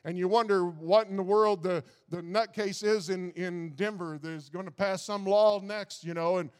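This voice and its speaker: A man's voice: high-pitched, steady tone, moderate pace, clean tone, big-room sound. A man preaching a sermon in a folksy way, often stumbling over and repeating his words. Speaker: pastor.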